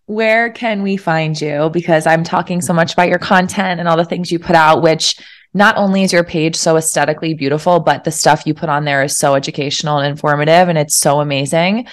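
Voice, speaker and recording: A woman's voice: deep voice, steady tone, a little fast. A woman podcast co-host interviewing a guest, upbeat and encouraging with a teasing edge. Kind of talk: casual interview chat.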